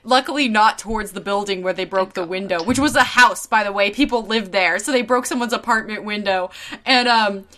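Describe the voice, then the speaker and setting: Woman, casual podcast chat, rambling, sweary, bright voice, dry close sound. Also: medium pitch, fairly quick, no echo. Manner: rambling storyteller, frequent swearing and fillers. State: tired from insomnia. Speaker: podcast co-host.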